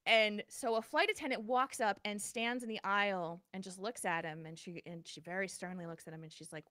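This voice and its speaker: A bright, clear woman co-hosting a podcast and telling a story in a lively, chatty way. She restarts her sentences often as she relives the moment. Her voice sounds dry and close, with no room sound. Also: medium pitch, fairly quick, few pauses, no room sound. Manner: animated, vivid retelling with many restarts. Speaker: podcast co-host. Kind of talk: casual storytelling.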